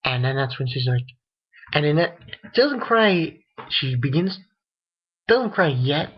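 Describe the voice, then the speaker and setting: Husky-voiced man rambling through an anime review. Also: on the high side, big pitch swings, takes it slowly, dull audio. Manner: rambling, many restarts and fillers. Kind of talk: casual spoken review.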